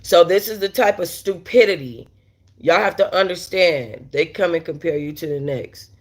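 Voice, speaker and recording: A woman's voice: fairly low pitch, normal speed. A woman tells a story live to her viewers, blunt and exasperated, with swearing throughout. She keeps breaking off to talk straight to the audience and to respond to the chat as it comes in. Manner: talks straight to viewers with many asides. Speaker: host of a storytime livestream. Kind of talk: casual storytelling while reading live chat.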